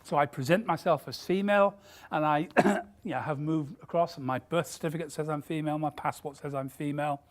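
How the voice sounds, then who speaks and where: Woman, deep voice, emphatic and candid keynote speaker. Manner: emphatic and candid, with quick asides. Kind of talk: corporate keynote talk.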